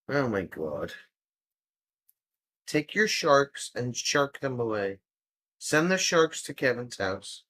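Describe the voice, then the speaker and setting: Hosting a casual livestream, he jokes with viewers and teases them while bouncing from subject to subject as he answers them. His voice sits at a medium pitch, a bit bright and very animated, and he takes his time, pausing often.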